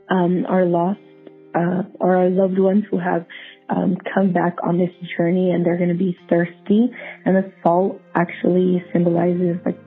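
A woman calling in to a podcast, talking haltingly with many filler pauses. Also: fairly low pitch. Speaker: caller. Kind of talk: phoned-in voice message. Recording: tinny phone line.

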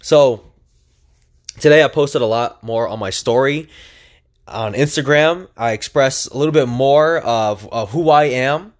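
Energetic young man hosting a podcast. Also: mid-range voice, unhurried. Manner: energetic and chatty, many fillers and restarts. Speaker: podcast host. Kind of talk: casual solo podcast monologue.

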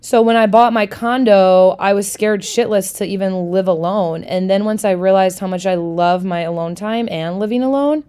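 A young woman from the United States hosting a solo podcast, talking in a chatty, candid way with frequent swearing and lively asides. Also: mid-range voice, normal speed, hardly any pauses, clean tone. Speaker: podcast host. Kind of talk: casual solo podcast chat.

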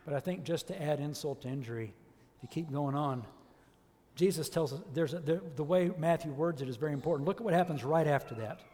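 A man preaching a sermon as a church elder, impassioned and emphatic, rising to loud peaks and dropping low. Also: quick pace, long reverb tail.

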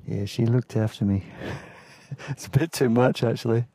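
A podcast host and storyteller shares rambling travel tales in a relaxed, casual manner, laughing now and then, like a spoken travel memoir. His voice is mid-range and mellow, at a normal speed, with no echo.

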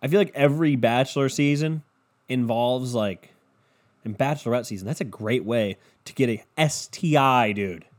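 A man's voice: mid-range voice, normal speed. A young man from Cleveland hosting a podcast, ranting in a profane, rambling, casual way. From Cleveland, Ohio. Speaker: podcast host. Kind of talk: casual comedic rant.

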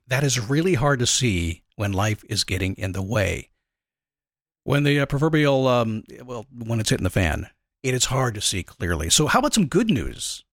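A man hosting a motivational talk, speaking emphatically and asking rhetorical questions, swinging between loud bursts and hushed asides. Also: mid-range voice, no room sound, studio quality. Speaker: motivational podcast host. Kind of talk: animated motivational monologue.

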